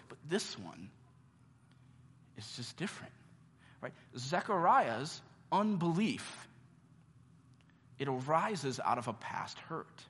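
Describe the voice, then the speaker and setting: A man preaching a sermon as pastor, earnest, with dramatic pauses and repeated questions. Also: fairly high pitch, lively intonation, fairly bright tone, slight background noise. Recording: long reverb of a large hall.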